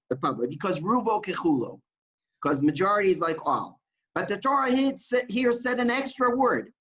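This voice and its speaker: Animated male Talmud teacher. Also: sits high, low-quality recording. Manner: repeats key phrases, mixes Hebrew terms with English translation; explanatory, checks in with listeners. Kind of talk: Talmud study lesson.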